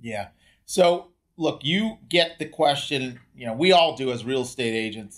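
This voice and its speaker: A man's voice: mid-range voice, lively intonation. Eager male podcast host. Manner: eager, jumps in with quick reactions and long questions. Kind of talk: casual interview conversation.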